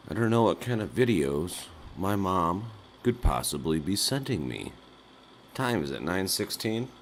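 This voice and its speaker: Deep-voiced man rambling on a livestream. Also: creaky, fairly bright tone, a little hiss or hum. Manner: joking, wandering, laughs at his own bits. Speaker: host of a nightly call-in livestream. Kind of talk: rambling absurdist live-stream chat.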